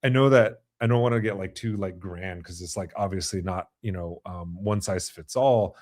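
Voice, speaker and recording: A low-voiced man hosts a podcast conversation, working through his points with lots of "you know" and restarts. His voice is recorded close and dry, with no room sound. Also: darkish tone, no echo. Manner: halting, many fillers and restarts. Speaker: podcast host. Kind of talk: conversational interview.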